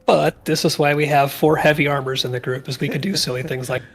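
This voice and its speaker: A man's voice: fairly high pitch, steady tone, fast talker, soft background music. A man in casual voice chat who chuckles and explains game lore to friends. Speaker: gamer co-host. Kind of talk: casual voice-chat banter while gaming.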